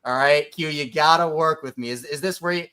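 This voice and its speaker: A man co-hosting a casual sports podcast, talking in an animated, joking way and bantering with the others. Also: a little high, a little fast, clean tone. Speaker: podcast co-host.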